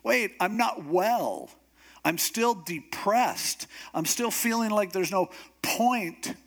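A worn-out prophet grumbles in an exasperated, whiny voice that sits a little high, as a preacher puts him on. His complaints rise in pitch as the frustration builds. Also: lively intonation, a little slow, a bit bright. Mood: gloomy.

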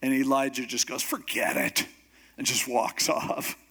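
A pastor preaching a sermon, telling a story in an animated, humorous way. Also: male voice, mid-range voice, moderate pace.

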